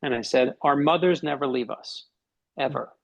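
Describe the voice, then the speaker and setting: Gravelly middle-aged man telling a story. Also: medium pitch, normal speed, poor audio. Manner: animated storyteller acting out quoted dialogue. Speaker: podcast guest, author. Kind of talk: storytelling in conversation.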